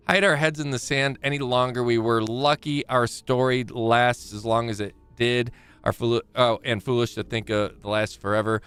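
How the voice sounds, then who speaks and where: A man streaming a game live, chatting to himself and haltingly reading letters aloud with frequent fillers and restarts. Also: medium pitch, a bit bright, clear, resonant tone, no echo. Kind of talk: live gameplay commentary.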